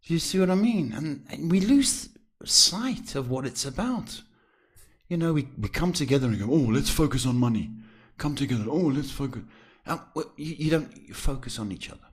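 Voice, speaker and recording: A man's voice: fairly high pitch, lively intonation, brisk, husky. A man with a South African accent, a psychic tarot reader giving chatty live-stream advice to viewers and calling them sweetheart.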